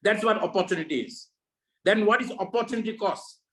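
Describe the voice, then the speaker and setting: A man's voice: high-pitched, fairly quick, fairly bright tone, rough recording. A man leading a network marketing meeting over a video call, giving a preachy motivational talk full of repeated rhetorical questions.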